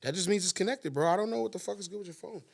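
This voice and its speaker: A man co-hosting a casual comedy podcast, rambling, profane and animated, laughing often, on a podcast mixer mic. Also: high-pitched, rapid-fire, gravelly, no echo, clean studio sound. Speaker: podcast co-host.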